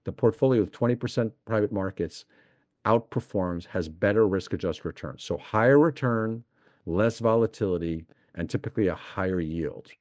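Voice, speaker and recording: Lower-voiced man, eager and explanatory. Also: moderate pace, a little mellow, no echo. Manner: eager, explanatory, piles up examples. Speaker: investment executive, podcast guest. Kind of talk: podcast interview.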